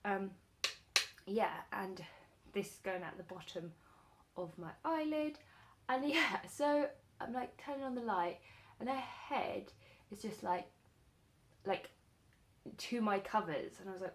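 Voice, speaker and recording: A woman beauty vlogger chatting casually while doing her makeup, telling an animated story full of fillers. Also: mid-range voice, moderate pace.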